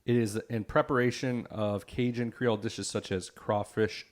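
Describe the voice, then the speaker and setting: A man's voice: lowish voice, fairly even intonation, moderate pace. A young adult man co-hosting a casual podcast chat, trading stories and reading facts aloud from what he is looking up. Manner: reads facts aloud from a screen. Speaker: podcast co-host.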